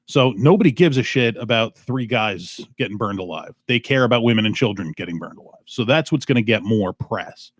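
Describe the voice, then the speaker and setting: A man's voice: fairly low pitch, animated, a little fast, hardly any pauses, no echo, clean studio sound. A man hosting a podcast in loose, casual chat, blunt and swearing freely. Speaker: podcast host.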